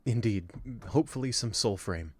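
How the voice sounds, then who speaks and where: A tired man streaming a game, chatting casually in a dry, low-energy way. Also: expressive, normal speed, slightly rough, no echo.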